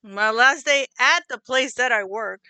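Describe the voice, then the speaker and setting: A young woman co-hosting a casual podcast, relaxed and swearing freely, often trailing off into laughs. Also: on the high side, measured pace, clear, resonant tone, no room sound. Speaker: podcast co-host. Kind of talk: casual chat.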